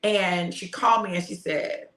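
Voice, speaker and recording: A middle-aged woman who preaches tells a family story casually and from the heart, laughing often, in a casual motivational talk. Her medium-pitched voice is fairly bright and moderately paced, and the recording has a roomy echo.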